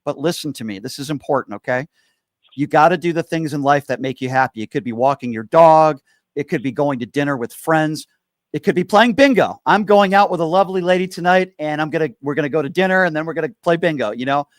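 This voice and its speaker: A man's voice: a little high, fast talker, no room sound, clean studio sound. A man hosting a call-in show, earnest and reassuring as he talks to callers. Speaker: host.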